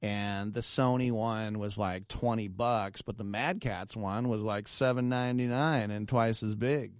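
Guy hosting a radio show, animated and self-deprecating, kinda low voice, dry close sound. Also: a little slow, no room sound. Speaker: radio talk show host. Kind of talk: casual radio storytelling.

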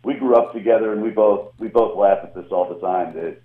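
A young adult man from Atlanta with a slight Southern US accent, a guest comedian chatting in a casual interview, animated and self-mocking, heard over a phone line. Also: fairly low pitch, brisk. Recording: tinny phone line, echoey.

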